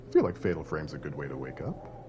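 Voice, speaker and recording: A man's voice: a bass voice, big pitch swings, fast talker, dark tone, a little hiss or hum. A man streaming a horror video game, chatting casually with his viewers, playfully boastful and laughing often. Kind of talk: casual live-stream commentary.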